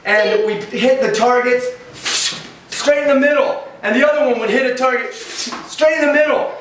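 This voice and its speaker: High voiced guy playing a knight telling kids a story, slow and hammy, far off in a very echoey room. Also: fairly bright tone. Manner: hammy, jokey, plays up the drama. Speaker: costumed knight entertainer at a children's party. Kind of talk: playful storytelling to children. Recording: very echoey room, far from camera, faint noise.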